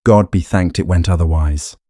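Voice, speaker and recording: A man's voice: low-pitched, moderate pace, mellow, slightly rough, no echo, studio quality. A man voicing a genial, talkative country doctor speaking earnestly in an audiobook romance.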